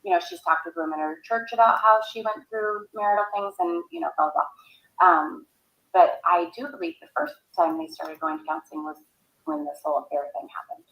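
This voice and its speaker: A woman recalling family events in a recorded interview, speaking haltingly. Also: medium pitch, animated, creaky, a bit bright. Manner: halting, hesitant recollection. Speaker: interviewee, sister of the subject. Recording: echoey room.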